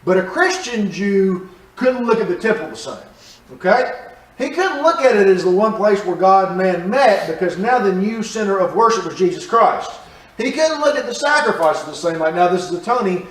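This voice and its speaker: A man's voice: sits high, animated, moderate pace, a bit bright. A man teaching a church Bible study class, talking conversationally and quizzing his listeners as he explains the passage. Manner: conversational, asks the class questions. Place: church room. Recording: roomy, from a distance.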